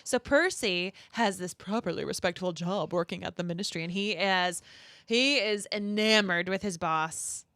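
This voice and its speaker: A woman's voice: lowish voice, normal speed, fairly bright tone, no room sound. A woman, a former teacher, co-hosting a podcast in casual, filler-heavy storytelling chat.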